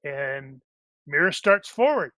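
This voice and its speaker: Game master, male, rambling narration, tense bright tone, dry close mic. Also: a little high, big pitch swings, slow pace, no echo. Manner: rambling, many fillers and restarts.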